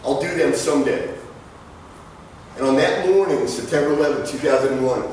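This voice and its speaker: A man's voice: medium pitch, normal speed, darkish tone, distant mic, slight background noise. Man lecturing in a very echoey hall. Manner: conversational storytelling with asides and jokes. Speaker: guest lecturer. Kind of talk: presentation to students.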